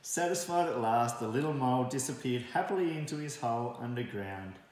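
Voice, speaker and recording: A man reads a children's story aloud in a lively, expressive way. His voice sits at a middle pitch and rings through a very echoey room. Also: fairly quick. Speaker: storybook reader.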